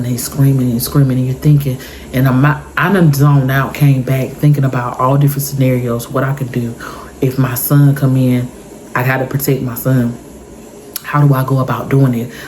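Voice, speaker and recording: A woman's voice: a bass voice, a little mellow, slight background noise, poor audio. A woman in her thirties, telling an intense personal story for her vlog in an emotional, repetitive way. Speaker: vlogger. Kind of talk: story time monologue.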